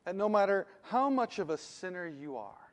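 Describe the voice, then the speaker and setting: A male pastor delivers a sermon in an earnest, emphatic way, slowing down to press home key phrases. His voice sits fairly high for a man. A long reverb hangs behind him, as in a church sanctuary. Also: sing-song.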